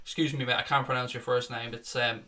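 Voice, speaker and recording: A man's voice: mid-range voice, level tone, fast talker, sharp tone. A man hosting a casual live stream, chatting, swearing freely and reading out viewer comments.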